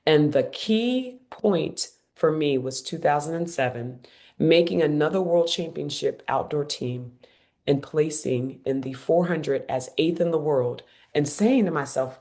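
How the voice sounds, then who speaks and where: A woman in her forties, a guest on an interview podcast, telling her story in a lively, emphatic way and repeating phrases for effect. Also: low voice, measured pace. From Cincinnati, United States. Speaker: guest, former Olympic runner.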